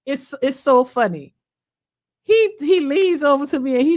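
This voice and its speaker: Woman, casual live stream host, animated storyteller, slightly high voice, swings between loud and hushed. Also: normal speed. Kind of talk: casual storytelling and chat reactions.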